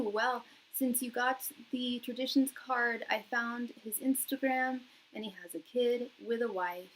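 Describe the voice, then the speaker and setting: A woman's voice: a little high, a little slow, hardly any pauses, poor audio. A young woman reading tarot on a live stream, chatting casually with lots of fillers, laughs and repeated words. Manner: reads viewers' chat messages aloud. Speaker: tarot reader and psychic.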